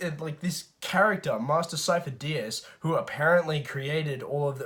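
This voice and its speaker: A man giving a casual movie review rant, swearing often and restarting his sentences with lots of fillers. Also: on the high side. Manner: profane, frequent stammered restarts and fillers. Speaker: film reviewer.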